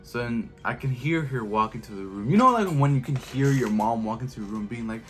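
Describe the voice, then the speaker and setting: A young man telling a story in a casual vlog, animated and full of slang and swearing. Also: mid-range voice, fairly quick, soft background music. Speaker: YouTube storyteller.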